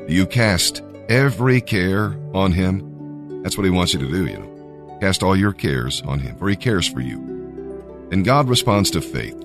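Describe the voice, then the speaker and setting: A man reading scripture aloud and giving a devotional talk, with conversational asides. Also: low voice. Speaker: Bible reader and devotional speaker.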